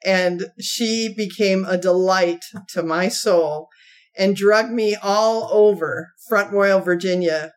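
A woman co-hosting a podcast tells a story in a casual, animated way. She laughs often and slips into quoted voices. Her voice sits at a middle pitch. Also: takes it slowly. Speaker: podcast co-host.

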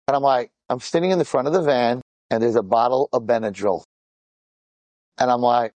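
A middle-aged man, a rabbi and teacher, telling an inspirational story to an audience and acting out the dialogue with lively bursts. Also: medium pitch, no room sound. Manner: animated, acts out the dialogue in quick bursts.

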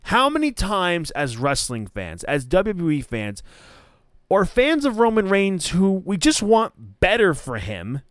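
A man's voice: on the high side, dry recording, studio quality. A man hosting a casual wrestling podcast, giving opinionated takes and often correcting himself mid-sentence. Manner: opinionated, rambling with frequent self-corrections. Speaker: podcast host.

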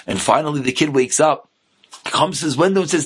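A man's voice: a little high, fairly quick, husky. A man, a rabbi, telling a story as a sermon and acting out its characters. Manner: animated, acting out voices.

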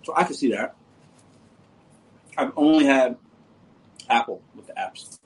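A man's voice: medium pitch, unhurried, breathy edge, poor audio. A man hosting a casual livestream, reading viewer comments and joking with them in a laid-back way. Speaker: livestream host.

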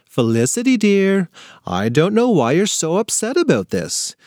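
A man's voice: high voice, huge pitch swings, a little slow, a little mellow, dry recording, studio quality, voice pushed up, exaggerated voice. A man voicing a doting, easygoing mother who coos indulgently in a kids' storybook. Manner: sweet, indulgent cooing.

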